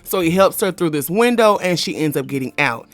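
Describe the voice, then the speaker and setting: A woman retelling a horror film plot in a casual, animated, slangy and profane way, dropping into quick character voices. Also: sits low, no echo. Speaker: movie review vlogger. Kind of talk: casual movie recap.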